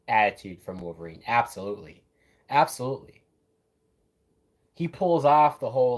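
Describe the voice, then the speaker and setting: A man's voice: mid-range voice, lively intonation, normal speed. A man hosting a live watch-along, giving casual, profane, enthusiastic commentary on a film as it plays. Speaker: movie reaction host.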